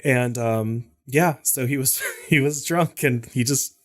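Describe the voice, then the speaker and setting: A man's voice: medium pitch, slow pace, fairly bright tone. A man co-hosting a podcast, chatting enthusiastically and listing favorite scenes with plenty of fillers. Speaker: podcast co-host. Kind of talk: casual chat.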